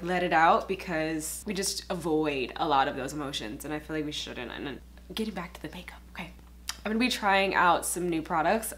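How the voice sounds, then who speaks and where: A woman's voice: lowish voice, a bit bright. A young woman talks her way through a get-ready-with-me makeup chat at home. She sounds tearful and emotional, and she keeps breaking into nervous laughs as she speaks. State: crying. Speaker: beauty vlogger.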